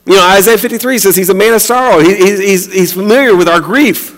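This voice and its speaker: A man's voice: sits high, fast talker, fairly bright tone, long reverb tail. A man preaching a conversational sermon, often repeating and restarting his words and acting out the lines he quotes. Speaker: pastor.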